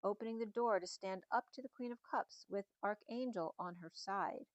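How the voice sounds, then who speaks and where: A middle-aged woman gives a spiritual tarot reading in a mid-pitched voice, wandering from one number and symbol to the next. Her voice is slightly hoarse, and the recording sounds dry and close. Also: moderate pace, no echo, highs cut off. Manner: musing, meandering delivery linking numbers and symbols. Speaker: tarot reader.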